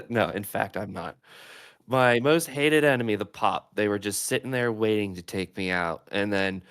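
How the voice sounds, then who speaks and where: A man's voice: lowish voice, normal speed, a bit bright, clean tone. A man co-hosting a gaming podcast, easygoing and laughing at himself in casual chat. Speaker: podcast co-host.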